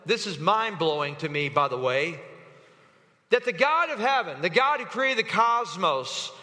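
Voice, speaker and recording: A man with a high, bright voice preaches to his church and keeps urging the congregation to read along. His words ring out with a long hall reverb behind them. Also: very animated, unhurried. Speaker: pastor. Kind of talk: sermon. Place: church sanctuary.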